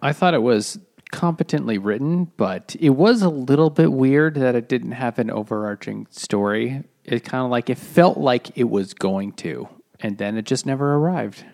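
Male podcast co-host, gravelly, dry and measured when he talks books. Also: medium pitch, expressive, a little mellow. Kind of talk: casual book discussion.

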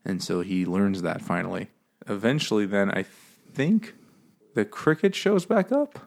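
A man's voice: on the low side, lively intonation, a little slow, vocal fry, a little mellow. A man co-hosting a casual book podcast, loose and profane, laughing often and acting out characters. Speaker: podcast co-host discussing a book. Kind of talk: casual chat.

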